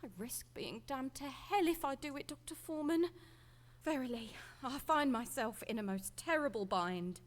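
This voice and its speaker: A worried Catholic woman in a period game, her speech formal and old-fashioned. Her voice sits high. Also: lively intonation, moderate pace. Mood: anxious.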